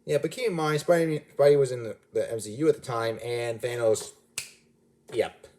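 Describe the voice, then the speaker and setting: A man's voice: medium pitch, normal speed, warm tone. A man giving a casual, rambling movie review, often restarting and correcting himself mid-sentence. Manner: rambling, self-correcting, chatty.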